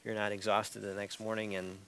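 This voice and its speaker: A man's voice: fairly low pitch, flat delivery, a little fast, pushed and bright, a little hiss or hum. A man teaching an interactive Bible study class in a church room. He tags his points with "right?" and light chuckles.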